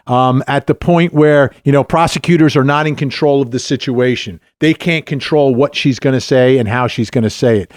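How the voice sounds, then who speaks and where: A man's voice: medium pitch, smooth, no room sound, studio quality. A middle-aged man, a former prosecutor, giving emphatic legal analysis as a podcast guest, often asking "right?". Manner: animated, emphatic, uses rhetorical "right?".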